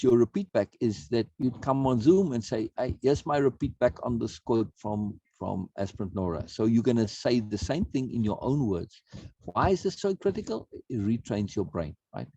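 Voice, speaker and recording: A man's voice: mid-range voice, animated, moderate pace, warm tone, breathy edge, no echo. A man teaching an online self-help course in a conversational way, often repeating words and checking in with "right?". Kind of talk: recorded online course talk.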